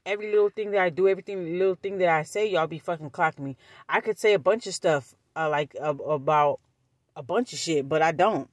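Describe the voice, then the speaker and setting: A woman's voice: lowish voice, brisk, dry recording. Blunt, cussing woman telling a story. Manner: blunt, profane, animated storytelling. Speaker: vlogger. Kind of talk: storytime vlog.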